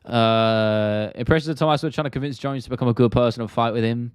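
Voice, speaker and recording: A man's voice: mid-range voice, fairly even intonation, fast talker, hardly any pauses, smooth, dry recording. South London male streamer, mid-range voice, casual and blunt, dry close sound. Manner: chatty, blunt, swears freely, drops T's. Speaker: MMA stream host. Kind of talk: casual live-stream chat reading viewer comments.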